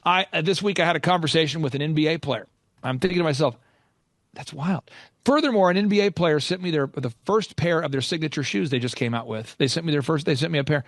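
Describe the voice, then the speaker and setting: A man hosting a business coaching podcast, telling stories in an emphatic, energetic way. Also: a little high, fast, dry recording, clean studio sound.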